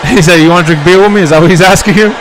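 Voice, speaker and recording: A man hosting a live-stream watch party, reacting in an excitable, profane way and calling his viewers bro and dog. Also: high-pitched, very fast, poor audio. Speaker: streamer host.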